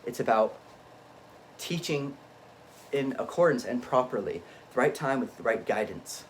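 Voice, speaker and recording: A man's voice: mid-range voice, lively intonation, measured pace, slight background noise. Rambling intense man muttering and then bursting out. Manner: rambling, intense, swings between muttering and emphatic outbursts; frequent self-interruptions and restarts. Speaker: vlogger. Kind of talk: rambling unscripted monologue.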